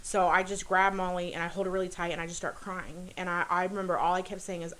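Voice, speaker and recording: A woman telling a personal story as a podcast guest, earnest and halting, with many fillers and restarts. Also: on the low side, fairly even intonation, a bit bright, poor audio. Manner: earnest, confessional.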